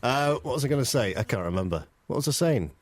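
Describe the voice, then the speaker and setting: A man's voice: mid-range voice, animated, fast talker, no echo. A man hosting a casual radio interview in a studio, joking and stumbling over his words as he chats. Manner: chatty, jokey, stumbles and laughs often. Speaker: radio host.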